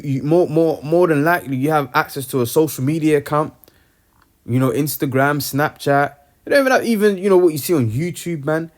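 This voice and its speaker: A man's voice: medium pitch, a little mellow. A young man giving an informal, slangy Bible teaching, tagging his sentences with "man". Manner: slangy, streetwise, peppers talk with "man".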